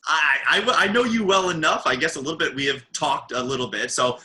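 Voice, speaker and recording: An American man from Baltimore, hosting a podcast in casual, jokey chat with big pitch swings. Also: a little fast, bright, forceful tone, poor audio. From Baltimore, USA. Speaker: podcast host.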